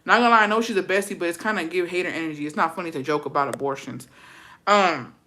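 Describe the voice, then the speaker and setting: A woman hosting a casual gossip show, reading viewer stories aloud and reacting with animated, profane commentary that drops Spanish words. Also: on the low side, fast, slight background noise.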